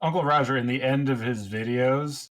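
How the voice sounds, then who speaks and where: A man co-hosting a casual podcast, talking at an everyday pitch. He explains things at length and stays matter-of-fact. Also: fairly even intonation, normal speed. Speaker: podcast co-host.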